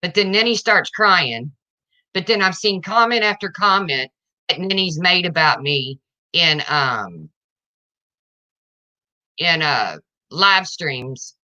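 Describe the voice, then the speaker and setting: A woman talks straight to her viewers in an indignant, confrontational livestream rant. Her voice sits a little low but sounds sharp and bright. The sound is dull and lo-fi. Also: very animated, slow, long pauses.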